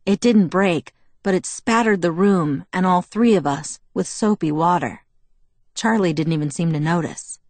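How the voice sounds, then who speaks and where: Woman narrating a novel, low and dry. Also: normal speed, darkish tone, no room sound. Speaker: audiobook narrator. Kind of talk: first-person novel narration.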